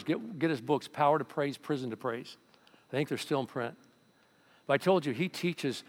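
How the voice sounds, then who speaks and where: A male pastor preaching a sermon, telling stories and acting out the voices in them. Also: medium pitch. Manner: storytelling, animated, acts out voices.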